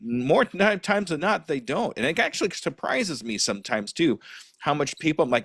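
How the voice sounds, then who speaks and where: Animated man hosting a podcast. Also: a little high, normal speed, vocal fry, slightly rough, no echo, clean studio sound. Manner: lively, animated, self-deprecating. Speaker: podcast host. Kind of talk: casual interview chat.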